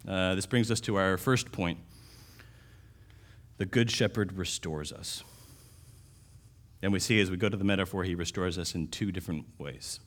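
Pastor, male, very deep voice; casual sermon delivery, restarts, punchy emphasis. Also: moderate pace, pauses often. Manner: conversational, with restarts and sudden louder emphasis.

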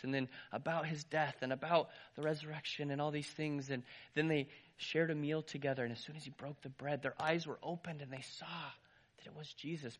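A man preaching a sermon, retelling a story lively, his voice rising and dropping with some restarts. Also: a little high. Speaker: pastor.

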